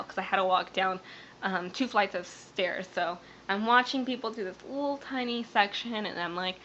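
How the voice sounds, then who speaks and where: A woman's voice: medium pitch, pushed and bright, a little hiss or hum. A young woman vlogger, tearful and rambling, telling a personal story to camera with many fillers and restarts. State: teary, near crying. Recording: dull lo-fi webcam sound.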